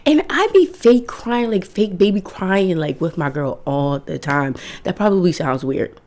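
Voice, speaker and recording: A woman's voice: lowish voice, expressive, unhurried, a little mellow. A woman in her twenties talking casually and candidly to her viewers, emphatic and swearing freely. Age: 20s. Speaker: vlogger. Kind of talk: casual self-help talk to camera.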